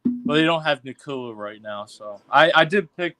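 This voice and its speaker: A man co-hosting a podcast in casual chat, giving opinions with frequent restarts and halting phrasing. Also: a little high, expressive, bright, forceful tone. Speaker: podcast co-host.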